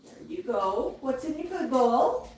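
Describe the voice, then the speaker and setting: A woman hosting a casual livestream, talking softly and coaxingly to her pet parrots between reading viewer comments. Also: sits high, big pitch swings, unhurried. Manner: soothing baby-talk to her parrots. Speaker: parrot keeper and livestream host. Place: indoor room with parrots. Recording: echoey room, heard from a distance. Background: faint noise and birds.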